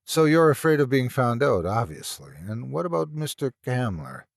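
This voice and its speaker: A calm, gentle professor, read by a man with a mild, measured delivery. The sound is dry and close. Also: mid-range voice, vocal fry, no echo.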